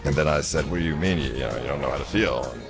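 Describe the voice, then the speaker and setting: Very deep-voiced man ranting. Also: rapid-fire, loud music behind the voice. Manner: frustrated, rambling, heavy on "like" fillers. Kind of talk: casual storytelling rant.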